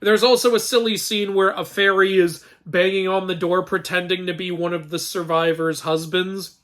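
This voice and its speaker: Bright, high-voiced sarcastic male reviewer. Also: steady tone, moderate pace. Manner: sarcastic and exasperated, with frequent laughs and restarts. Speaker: mythology channel host reviewing a film. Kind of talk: casual spoken film review.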